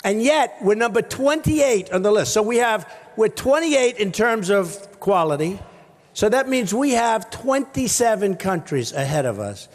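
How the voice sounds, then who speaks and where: A man, a political candidate, giving a rambling, repetitive rally speech on a stage microphone in short punchy phrases, often shouting to the crowd. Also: sits high, very animated, measured pace. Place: large rally venue with a crowd.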